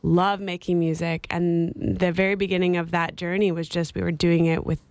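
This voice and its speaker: A woman's voice: lowish voice, little pitch movement, moderate pace, a little mellow, no room sound. A woman musician chatting as a guest in a radio studio, talking in an enthusiastic, rambling way. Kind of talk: casual interview chat.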